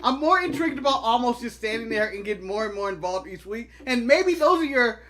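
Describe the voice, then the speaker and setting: A man's voice: very high-pitched, lively intonation, a little fast, pushed and bright. A man co-hosting a casual podcast chat, laughing often and joking around. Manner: laughing, jokey, acts out silly quotes. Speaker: co-host.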